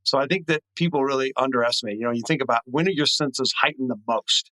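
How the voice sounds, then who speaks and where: Male podcast guest, middle-aged, bright forward tone, dry sound, earnest and reflective. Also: mid-range voice, fast talker, dry recording, low-quality recording. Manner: earnest, reflective, lots of "you know". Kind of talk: casual chat.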